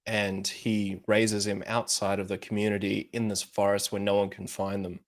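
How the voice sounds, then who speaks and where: A man's voice: lowish voice, completely flat delivery, moderate pace. A man chatting casually on a podcast, retelling a story loosely with lots of swearing and laughter. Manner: loose, profane, laughs often while telling. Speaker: podcast co-host. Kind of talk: casual chat, retelling a show.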